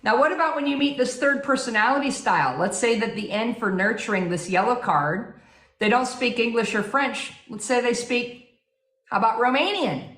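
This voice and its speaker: Energetic woman giving a sales seminar. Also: a little high, moderate pace, reverberant. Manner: energetic, persuasive, rhetorical questions. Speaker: sales trainer. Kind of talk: motivational seminar talk.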